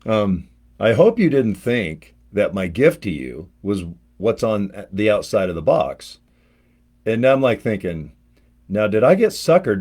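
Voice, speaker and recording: A man with a somewhat low voice talks loosely to his viewers, wandering from story to story. He cracks crude jokes and laughs often as he chats. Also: a little mellow. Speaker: vlogger opening a gift on camera. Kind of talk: casual live-stream chat.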